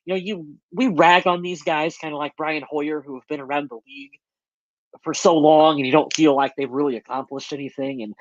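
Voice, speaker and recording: A man's voice: on the high side, fairly even intonation, brisk, dry recording. Earnest male podcast co-host, dry dull sound. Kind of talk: casual sports chat.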